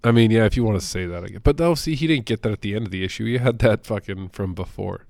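A man's voice: on the low side, fast talker, gravelly, a little mellow, no echo, clean studio sound. A man co-hosting a casual podcast, rambling and cursing, full of jokes. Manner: profane, rambling, jokey. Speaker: podcast co-host. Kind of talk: casual comic book podcast chat.

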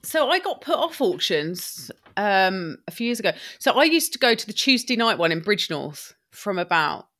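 A woman's voice: mid-range voice, sing-song, a bit bright. A woman with a bubbly, chatty manner, talking as a guest in a podcast interview about her upcycling business. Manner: bubbly, talks in quick bursts.

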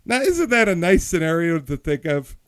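A man's voice: fairly high pitch, very animated, normal speed, smooth. A man hosting a casual political comedy podcast, telling a rambling story that keeps interrupting itself. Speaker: podcast host.

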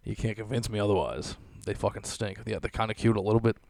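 A man's voice: lowish voice, fast talker, creaky, a little mellow, no room sound. A young man hosting a podcast, ranting in a casual, sarcastic way, swearing often and laughing at his own lines. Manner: profane, laughing, sarcastic rant. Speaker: podcast host.

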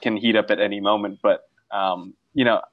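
Rambling low-voiced man, dull mic. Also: fairly even intonation, fairly quick, no room sound. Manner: rambling, filler-heavy, joking. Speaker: podcast co-host. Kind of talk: casual sports chat.

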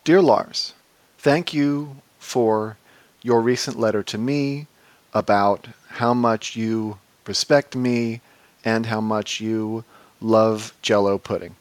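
A man's voice: lowish voice, fairly even intonation, takes it slowly, dry recording. A man doing a rambling older male entertainer. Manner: rambling, food tangents, mumbled "a baw" tics. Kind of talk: comedic impression in a podcast.

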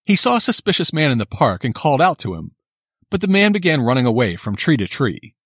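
A man narrates a true-crime tale in a slightly husky voice, his pitch moving expressively. He tells the story steadily and builds suspense. The recording is close and dry. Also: sing-song, fairly quick, fairly bright tone, dry recording.

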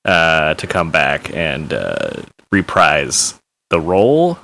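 A man co-hosting a casual podcast chat, joking, laughing often and pausing on many filler sounds. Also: rumbling low, sing-song, vocal fry, pushed and bright. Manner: laughs often, jokey, hesitant with many uhs. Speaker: podcast co-host.

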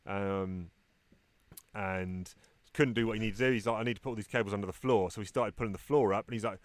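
Fast-talking man telling stories. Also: lowish voice, dry recording. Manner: rambling anecdotes with voiced quotes. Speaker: podcast co-host. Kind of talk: casual chat.

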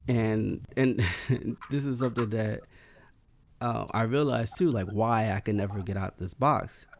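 A man's voice: lowish voice, measured pace, gravelly, slight background noise. A man telling a personal story in casual conversation, rambling with plenty of "like" and restarts.

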